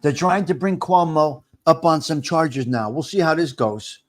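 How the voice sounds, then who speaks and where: Guy hosting a live chat stream, rambly, keeps repeating stuff, talks right back to the comments, voice sits a bit high. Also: animated, normal speed. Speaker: livestream host reading viewer comments. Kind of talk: casual livestream chat.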